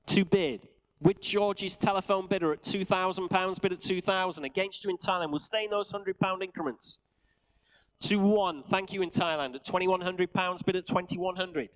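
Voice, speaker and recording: A man working as an auctioneer at a live auction, calling bids briskly and adding joking asides to the room. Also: sits high, clean tone, rough recording. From England.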